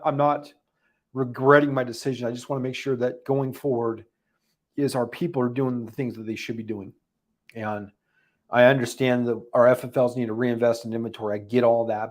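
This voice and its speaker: A man hosting a livestream recap, talking unscripted, halting and emotional with many restarts, audibly holding back tears. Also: medium pitch, darkish tone. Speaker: livestream host giving a daily recap.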